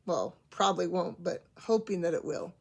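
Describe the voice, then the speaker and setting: A woman's voice: lowish voice, expressive, moderate pace, vocal fry, slightly rough. A woman in her forties hosting a casual storytelling monologue, chatty and prone to rambling. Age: 40s. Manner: rambling, self-aware, chatty. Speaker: host.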